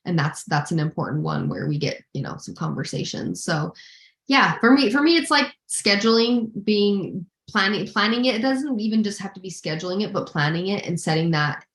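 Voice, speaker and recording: A woman's voice: mid-range voice, lively intonation, moderate pace. Candid woman guest, roomy echo. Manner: candid, restarts often, self-deprecating. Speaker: guest executive. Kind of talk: live video Q&A.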